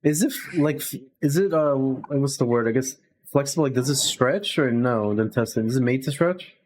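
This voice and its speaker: A man's voice: mid-range voice, moderate pace, a little mellow, slight background noise. A man in casual chat who asks curious questions and searches for words as he speaks.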